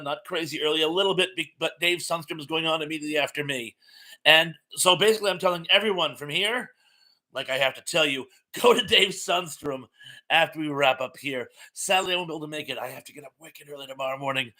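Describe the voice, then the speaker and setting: Bright-voiced man hosting a live chat. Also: on the high side, a little fast. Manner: friendly and rambling, with many fillers. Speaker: live stream host. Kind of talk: casual chat reading out viewer comments.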